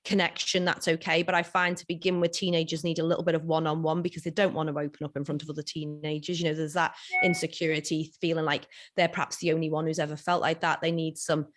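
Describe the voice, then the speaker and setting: British woman with a lowish voice. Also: little pitch movement, fast, few pauses. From United Kingdom. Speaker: guest, wellness coach. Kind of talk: casual interview.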